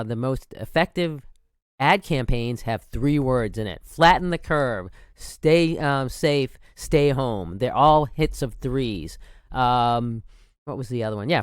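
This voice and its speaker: A man of about sixty holds forth on his podcast in a loose, wandering way, often stopping to restart or correct himself. His voice is smooth and even, at an ordinary middle pitch. The sound is dry and close. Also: no echo. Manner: rambling, frequent restarts and self-corrections. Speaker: podcast host. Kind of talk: casual monologue.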